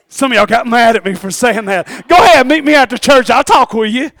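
A man preaching a fervent sermon with sudden shouted bursts. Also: very high-pitched, brisk, few pauses, dry recording.

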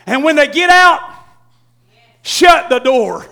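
A man preaching a sermon, folksy and laughing often, swinging from shouts to hushed tones and acting out quotes. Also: extremely high pitch, very animated, slow pace, creaky.

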